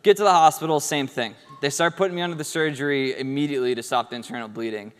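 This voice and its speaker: A man's voice: mid-range voice, fast talker, clear, resonant tone. A young man telling a personal story in a casual, wry, matter-of-fact way, in a large hall. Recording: long hall reverb.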